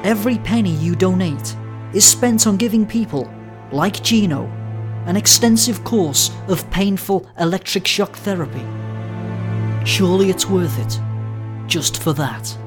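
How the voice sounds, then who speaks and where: A woman reads a mock charity appeal with earnest solemnity. Her pitch sits in an ordinary middle range. Faint music plays underneath. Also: lively intonation, unhurried. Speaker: charity ad voice-over. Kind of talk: spoof charity appeal narration.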